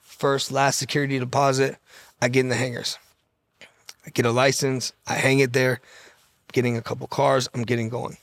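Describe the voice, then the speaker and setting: A man telling a story in a casual, profane, fast-talking way, often quoting what others said. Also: medium pitch, little pitch movement, a bit bright, dry recording. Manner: profane, fast-talking anecdote with quoted dialogue.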